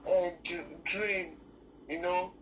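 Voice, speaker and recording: A woman with a Nigerian accent calling in to a talk show, talking in an emotional, halting way with many restarts. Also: lowish voice, fairly even intonation, fairly bright tone, far from the mic, slight background noise, rough recording. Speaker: caller. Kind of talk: call-in discussion, mixing English and Pidgin.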